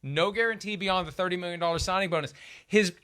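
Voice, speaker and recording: A man with a bright, crisp, fairly high voice, walking through figures and details in a casual sports talk. The sound is close and dry, with no room around it. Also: quick pace, dry recording. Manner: detailed, explanatory, runs through contract numbers. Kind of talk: casual sports analysis chat.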